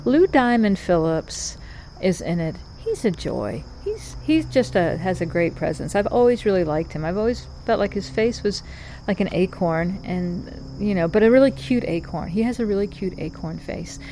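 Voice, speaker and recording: A woman's voice: medium pitch, lively intonation, moderate pace, mellow, slight background noise. A woman, hosting a podcast as a rambling, chatty monologue full of restarts and asides. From North Carolina. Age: 50s. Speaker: podcast host. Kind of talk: casual monologue.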